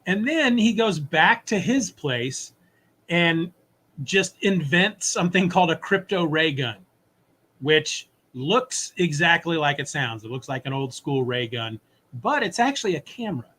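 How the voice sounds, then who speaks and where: A male podcast co-host with a fairly high, breathy voice gives a lively, casual recap of a comic story. He slips into quick character voices as he goes.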